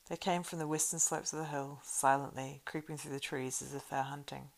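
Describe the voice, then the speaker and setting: A woman reading a storybook aloud in a steady narrating voice, with small stumbles now and then. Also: low voice, fairly quick, vocal fry, poor audio. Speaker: reader.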